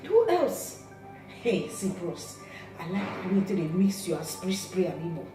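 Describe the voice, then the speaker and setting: An actress playing a cheeky, sharp-tongued young village woman who teases loudly and speaks with a Nigerian Pidgin accent. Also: on the low side, steady tone, moderate pace, natural voice. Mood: teasing. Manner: mocking, loud, laughs through lines. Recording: echoey room, mic far off, soft music.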